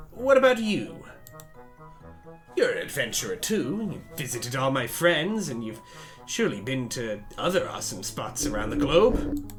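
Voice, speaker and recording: A man's voice: medium pitch, a bit bright, pitched below the performer's own voice. A man voicing a blunt, volatile teenage girl while reading a visual novel aloud, with snappy, hostile outbursts.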